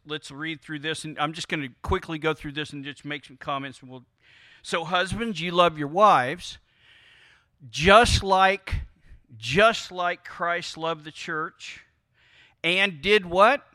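A man's voice: on the high side, unhurried, bright, forceful tone, no echo, clean studio sound. A man preaching a sermon to a congregation in a conversational way, prodding them with questions and leaning on key words. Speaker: pastor.

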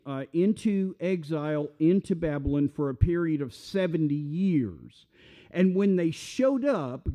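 A man's voice: high-pitched, warm tone. A man with a Southern US accent, preaching a sermon in a folksy, conversational way with asides. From Mississippi. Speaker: pastor.

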